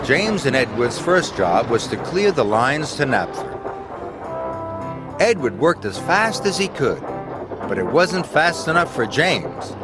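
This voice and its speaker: A man reading a children's railway story aloud as narrator. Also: medium pitch. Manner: slow, expressive storytelling. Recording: music underneath.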